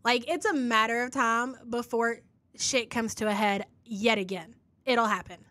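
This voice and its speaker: A woman's voice: a little high, moderate pace, pushed and bright. A woman hosting a live reaction podcast, reading chat messages and making sarcastic remarks. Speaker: commentary podcast host.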